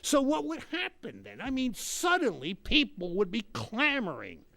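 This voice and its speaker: A man's voice: very high-pitched, huge pitch swings, moderate pace, gravelly, bright, forceful tone, dry recording, voice pushed up, heavily acted. A man playing a pompous older retired politician who rambles and mocks the voices of others in a comic monologue. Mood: rambling. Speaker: comic character host.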